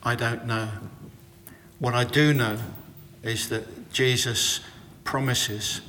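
A middle-aged man giving a reflective, sermon-style talk, telling personal stories about faith in a measured way. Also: mid-range voice, fairly even intonation, pushed and bright, in a large hall, slight background noise.

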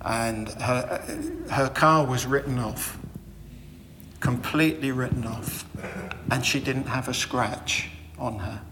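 A middle-aged man delivering a reflective, sermon-style talk that runs on personal anecdotes. He speaks very slowly and deliberately, with a voice of middling pitch, over a faint ambient hiss. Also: steady tone, long reverb tail.

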